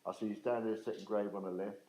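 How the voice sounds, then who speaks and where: Older man, dark warm tone, emphatic, plain-spoken, speaking to an audience. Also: fairly low pitch, steady tone, fast, low-quality recording. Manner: blunt, plain-spoken, emphatic, dialect grammar. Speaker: speaker at a talk on restorative justice. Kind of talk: storytelling talk to an audience.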